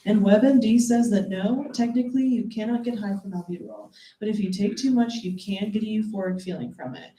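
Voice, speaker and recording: A woman's voice: medium pitch, steady tone, a little fast, few pauses, warm tone. A young woman performing a stand-up comedy set, self-deprecating and often breaking into giggles. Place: comedy club stage. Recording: echoey room, heard from a distance, audible noise.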